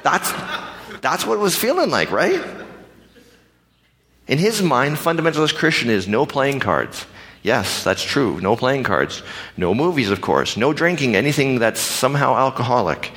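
A pastor telling a personal story in a conversational, animated way, acting out the other people's lines. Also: male voice, medium pitch, moderate pace. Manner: animated, conversational, acts out dialogue. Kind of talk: storytelling sermon. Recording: reverberant hall.

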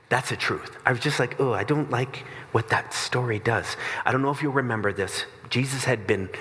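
A man preaching a sermon in a relaxed, conversational way, telling stories with blunt asides. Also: low voice. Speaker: pastor. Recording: long hall reverb.

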